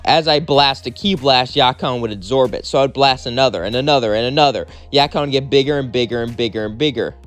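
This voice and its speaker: A man's voice: mid-range voice, fast talker, hardly any pauses, a bit bright, faint music behind. A man casually narrating a fan story in a plain, rambling way.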